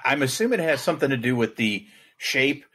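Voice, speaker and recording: A man's voice: medium pitch, sing-song, a little fast, a bit bright, slightly rough. A man co-hosting a podcast, telling stories in casual chat and laughing through the punchlines. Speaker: podcast co-host.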